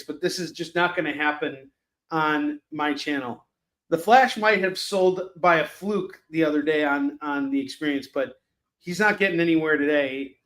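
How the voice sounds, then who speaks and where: A man hosting a live shopping stream, selling comics in a casual, chatty pitch, with sarcastic jokes and lots of fillers. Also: a bit bright.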